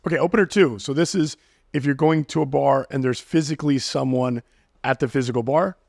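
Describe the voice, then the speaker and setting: A man in casual podcast chat, talking fast and acting out pickup lines as he explains them. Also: mid-range voice, vocal fry, darkish tone, dry recording, clean studio sound. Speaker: guest dating coach.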